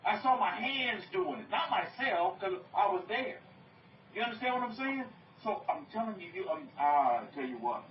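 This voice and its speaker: A man giving informal congregational teaching, animated, repeating phrases and asking his listeners questions. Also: high voice, normal speed, a little hiss or hum. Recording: roomy, distant, dull.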